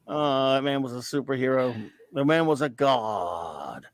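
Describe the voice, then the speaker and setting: Rambling man, gravelly voice. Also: mid-range voice, expressive, measured pace, dry recording. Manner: rambling, self-mocking. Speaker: podcast host. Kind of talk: casual chat.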